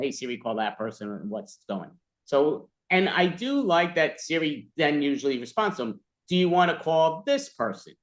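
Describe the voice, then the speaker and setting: A man chats loosely, rambling from one gripe to the next. He sounds exasperated, and his voice sits in a middle pitch. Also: fairly bright tone. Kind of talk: casual chat.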